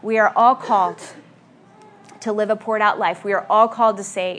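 A woman's voice: medium pitch, fairly even intonation, moderate pace, a little hiss or hum. A woman preaching an earnest, emphatic sermon full of rhetorical questions. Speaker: speaker at a Christian gathering.

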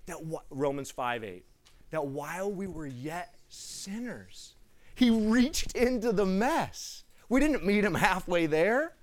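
A young man preaching a sermon through a personal story, animated, acting out the people in it and dropping to a hush at tender moments. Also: sits high, slow. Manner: animated, acts out the people in his stories; laughs between lines, drops to a hushed tone for tender moments.

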